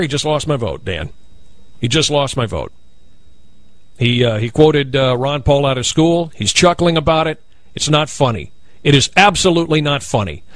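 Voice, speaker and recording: A man hosting a talk radio show, ranting in a heated, combative way with sudden loud outbursts. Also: high voice, no echo. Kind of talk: opinionated talk radio rant.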